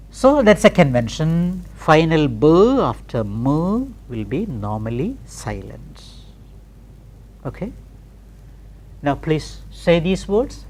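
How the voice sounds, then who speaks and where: A woman's voice: low-pitched, sing-song, takes it slowly, a little mellow, husky. A middle-aged woman teaching pronunciation, spelling words out letter by letter and repeating them carefully. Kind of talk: slow recorded classroom lesson.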